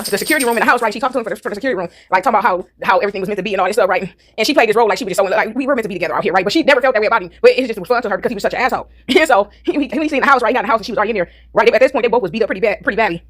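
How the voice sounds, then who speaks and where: A woman casually retelling a movie plot to her listeners, animated and laughing often. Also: on the high side.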